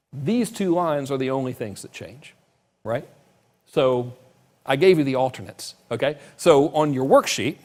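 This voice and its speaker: Lively, joking man teaching a course. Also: on the high side. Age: middle-aged. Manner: joking, lively, talks with emphasis. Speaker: marketing course instructor. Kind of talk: casual teaching to camera.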